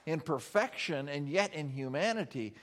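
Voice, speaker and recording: A male pastor preaches a sermon earnestly and with animation. He slows down for emphasis and drops soft and low when praying.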